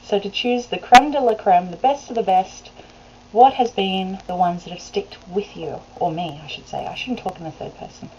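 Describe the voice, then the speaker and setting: A woman from Australia talks at a moderate pace in a mid-range, slightly mellow voice. She rambles to her webcam in a casual chat full of laughs, as a vlogger. A faint hiss runs through the dull, lo-fi webcam audio.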